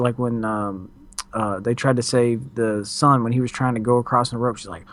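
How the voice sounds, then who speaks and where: A man's voice: mid-range voice, fairly even intonation, fairly quick. A man co-hosting a casual recap chat, talking in a laid-back, rambling way with plenty of fillers. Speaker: podcast co-host.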